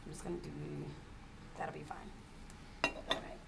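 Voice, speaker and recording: Woman host with an African American accent, chatty demo voice, distant mic, clattering dishes behind. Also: normal speed. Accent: African American Vernacular English. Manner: chatty, laughing, addresses group as y'all. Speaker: demonstrator. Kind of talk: live cooking demonstration. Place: room with a group, kitchen sounds. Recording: distant mic with room noise.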